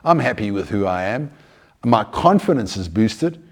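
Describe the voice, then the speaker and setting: A man giving an earnest, conversational talk on mindfulness, animated and often restarting his sentences. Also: fairly low pitch, moderate pace. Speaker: mindfulness speaker.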